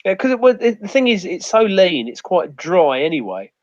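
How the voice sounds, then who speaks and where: A man's voice: sits high, very animated, normal speed, a little mellow, dry recording. A man with a rambling, sweary storytelling manner in a casual outdoors chat. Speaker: outdoors guest. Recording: muffled dry audio.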